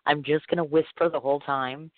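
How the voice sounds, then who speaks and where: A hoarse man with a cold hosts a talk-radio interview, chatty and eager. His voice sits a little high. It comes through a thin, phone-like line with no room sound at all. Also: brisk, dry recording. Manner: chatty and excitable. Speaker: radio show host. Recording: tinny dry phone line.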